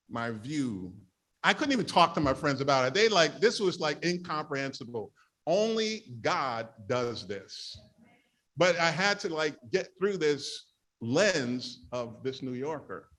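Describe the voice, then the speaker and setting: A man's voice: mid-range voice, fairly bright tone. A middle-aged man, telling a humorous personal testimony at church and acting out his own past complaints. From New York. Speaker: church member sharing testimony.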